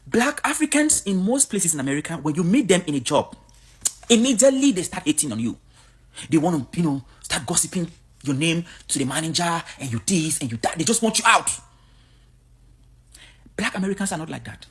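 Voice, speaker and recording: A woman's voice: lowish voice, lively intonation, brisk, a bit bright, breathy edge. A woman from Cameroon, giving a blunt, outspoken vlog monologue. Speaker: vlogger.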